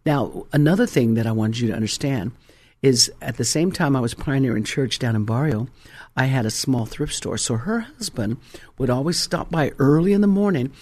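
A middle-aged male pastor preaching a sermon, telling a story with dramatic swings between hushed and loud delivery. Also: mid-range voice, normal speed.

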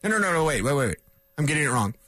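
Animated high-voiced radio host rambling. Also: male voice, racing, no room sound. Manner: rambling, animated, self-correcting. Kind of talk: casual sports talk radio monologue. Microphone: studio microphone.

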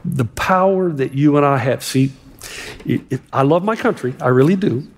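A man preaching a sermon as a pastor, impassioned, swinging between hushed and emphatic delivery. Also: mid-range voice, normal speed, slight background noise. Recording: long reverb of a large hall.

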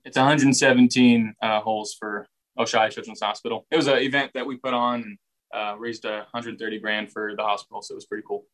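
Flat-voiced young man answering reporters. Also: fairly low pitch, brisk, low-quality recording. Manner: relaxed, repeats words while finding phrasing. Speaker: football quarterback at a press session. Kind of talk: casual press interview answers.

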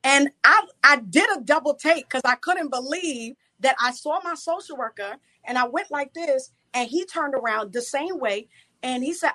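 A woman's voice: high-pitched, expressive, normal speed, pushed and bright. A woman from New York in her thirties or forties, giving a fervent, preacherly testimony as a podcast guest. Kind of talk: testimony in an interview.

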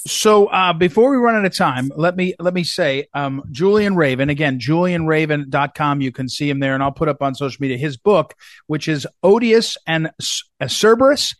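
A man's voice: on the high side, animated, moderate pace, no room sound, clean studio sound. Man hosting an interview. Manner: brief affirmations, plugs the guest's book. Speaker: host.

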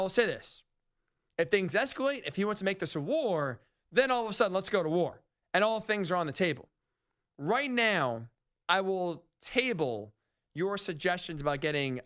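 A man hosting a sports talk radio show, rambling and animated, often correcting himself mid-sentence. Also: a little high, smooth.

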